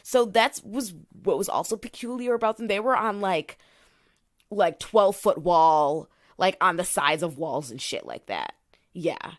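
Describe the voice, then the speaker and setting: A woman, co-hosting a podcast in casual chat, animated and full of fillers, reading quotes from her notes. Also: lowish voice, a little slow. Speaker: podcast co-host.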